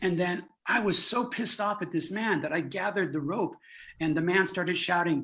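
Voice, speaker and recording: A man, a clown, telling a lively anecdote in a conversation, laughing and restarting as he goes. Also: high voice, moderate pace. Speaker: clown and co-founder guest. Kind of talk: animated storytelling.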